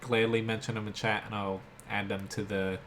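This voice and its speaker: Playing a game on a live stream, this South Jersey man with an American accent chats casually and answers his chat between plays in a laid-back way. His voice is lowish, fairly bright and level in tone, at a moderate pace. Slight background noise is present.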